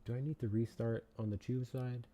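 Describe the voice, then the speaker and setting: A man's voice: mid-range voice, steady tone, fairly quick, warm tone. A man hosting a casual livestream, joking, swearing and reading out donations to the chat. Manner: profane, joking, reads out donations. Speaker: livestream host.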